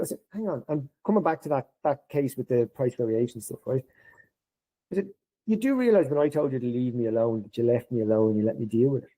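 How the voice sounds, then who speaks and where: On a podcast, a middle-aged guest chats casually about things that happened at work, speaking quickly in a mid-range voice. The audio quality is poor. He tells the stories with energy and raises his voice whenever he plays out what people said.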